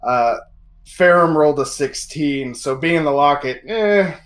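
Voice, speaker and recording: A man's voice: a little high, lively intonation, a little slow, fairly bright tone. A man running a tabletop game as game master, wry and laughing as he reads out dice rolls.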